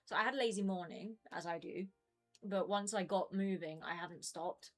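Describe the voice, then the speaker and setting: A woman's voice: medium pitch, moderate pace, soft background music. A young woman in her twenties chatting casually with her stream viewers from home, rambling with lots of fillers. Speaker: game streamer.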